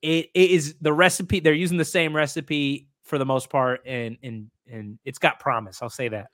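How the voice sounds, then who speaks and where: A young man from Indiana chatting casually on a podcast, animated and joking with lots of fillers. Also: a little high, moderate pace, no echo, clean studio sound. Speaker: podcast co-host. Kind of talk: casual chat.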